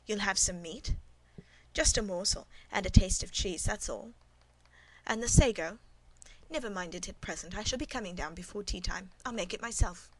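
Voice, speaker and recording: A middle-aged servant woman speaks with perfect composure, demure and matter-of-fact, never rattled. A woman reads her lines in a storybook voice. Her pitch sits in an ordinary middle register. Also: normal speed, natural voice, poor audio.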